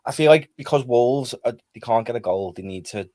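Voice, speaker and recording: A man's voice: medium pitch, animated, brisk, a little mellow, no echo. A man speaking as a guest on a football chat stream, thinking aloud and hedging with "I feel like".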